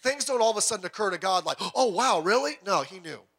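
A male pastor preaches with a high, bright, ringing voice. He is animated and acts out the voices in his story. He sometimes drops to a soft, quiet voice to drive a point home. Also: fast, husky. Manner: animated preaching, acting out voices of people and God. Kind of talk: sermon.

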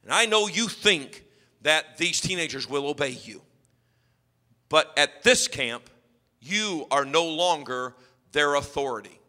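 A man's voice: fairly high pitch, lively intonation, a little slow, bright, forceful tone, full character voice. A man playing a self-assured male camp director who lectures in a condescending way. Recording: long hall reverb.

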